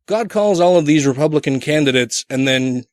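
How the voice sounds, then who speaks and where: A man's voice: on the high side, animated, normal speed, no room sound, studio quality. A man co-hosting a casual podcast, bantering and swearing freely. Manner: profane, laughing banter. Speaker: podcast co-host.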